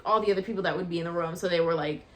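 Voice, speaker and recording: A woman's voice: on the low side, racing. Chatty woman vlogger telling a story. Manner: chatty and animated, acts out quoted voices. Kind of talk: casual storytelling.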